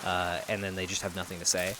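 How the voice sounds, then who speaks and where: A man's voice: deep voice, monotone, fast, background noise. A young man chatting casually as a streamer while he plays a game, rambling and swearing freely. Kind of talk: casual gameplay commentary.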